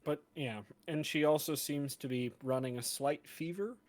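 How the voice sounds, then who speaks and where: A man in his twenties narrating a tabletop game as game master, with an unhurried manner and plenty of pauses. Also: a little high. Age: 20s. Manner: unhurried, hesitant narration with fillers.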